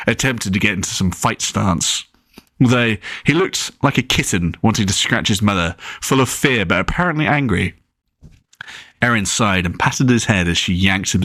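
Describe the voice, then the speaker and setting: Low-voiced man reading his own novel. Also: no room sound, studio quality. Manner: relaxed reading with occasional slips and restarts. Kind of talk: audiobook narration.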